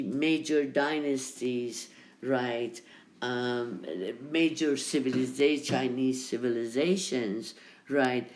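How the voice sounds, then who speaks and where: A male lecturer talks through a recorded history lesson at a slow, unhurried pace. He hesitates often, filling pauses with ums and tagging his points with a questioning "right?" as he points to the material on screen. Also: mid-range voice. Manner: talks over slides or video.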